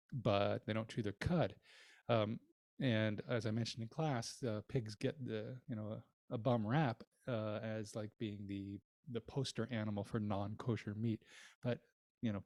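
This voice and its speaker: A cantor teaching an introductory class in a casual way, with many ums and uhs and wry asides. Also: male voice, lowish voice, a little mellow, dry recording. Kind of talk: recorded lecture with slides.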